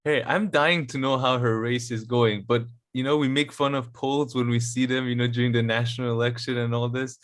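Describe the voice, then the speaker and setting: Relaxed, chuckling male podcast host. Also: mid-range voice, brisk, few pauses, no room sound, clean studio sound. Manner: relaxed, chuckling, reads tweets aloud. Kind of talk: casual podcast chat.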